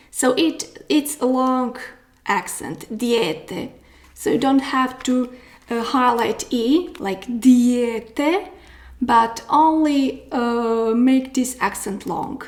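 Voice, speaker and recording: A woman with a Croatian accent, a native Croatian speaker, teaching pronunciation slowly, with many pauses and fillers as she demonstrates sounds. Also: a little high. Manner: slow, hesitant, many fillers, careful demonstrations. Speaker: language teacher. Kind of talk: pronunciation lesson.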